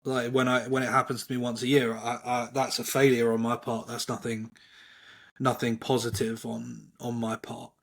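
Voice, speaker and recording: Calm, flat-toned male coach. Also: mid-range voice. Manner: measured, calm, even-toned. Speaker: volleyball coach, interview guest. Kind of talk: reflective interview answers.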